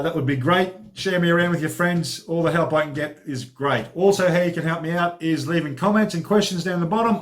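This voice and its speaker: Male fitness vlogger, talks a touch higher than most men, casual and chatty, tosses in "alrighty" often. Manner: chatty, informal, upbeat, peppered with "alrighty". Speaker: personal trainer and vlog host. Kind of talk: casual training diary vlog.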